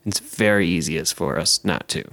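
A young American man with a low, gravelly voice chats loosely on a podcast. He rambles through his stories with a joking edge and now and then breaks into silly high-pitched voices. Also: normal speed, sharp tone, dry recording. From United States. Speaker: podcast host. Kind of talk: casual chat.

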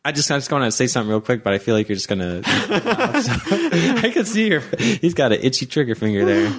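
A man's voice: medium pitch, huge pitch swings, brisk. A man chatting casually as a podcast guest, joking and laughing often.

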